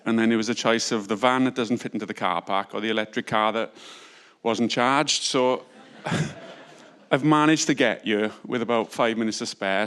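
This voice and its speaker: A man in his forties, an estate agent, giving a conference talk in a humble, self-deprecating and slightly hurried way. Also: fairly low pitch, fairly bright tone, clean tone. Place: conference stage.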